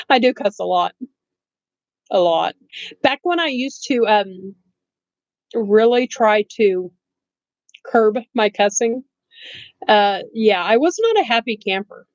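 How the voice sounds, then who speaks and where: A middle-aged woman chats unfiltered on a live stream from her bedroom, slow and rambling, with frequent laughs. The recording is dry and slightly muffled, like a cheap home setup. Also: medium pitch, animated, no room sound. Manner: blunt, laughs often, rambling, says she has no filter. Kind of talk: casual live-stream chat.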